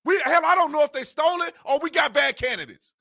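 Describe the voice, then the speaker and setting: A man's voice: extremely high pitch, quick pace, gravelly, pushed and bright. A man hosting his own political commentary channel, ranting in exasperation and firing off repeated rhetorical questions in informal speech.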